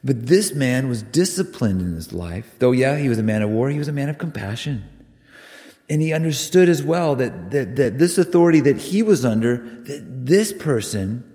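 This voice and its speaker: A man preaching a sermon, earnest and emphatic, with sudden loud rises on key words. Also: medium pitch, very animated, moderate pace. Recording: long reverb of a hall.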